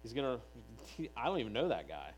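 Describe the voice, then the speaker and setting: A man preaching a sermon, reading scripture aloud and voicing the figures of the text with animated delivery. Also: medium pitch, fast, slight background noise, low-quality recording. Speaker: pastor.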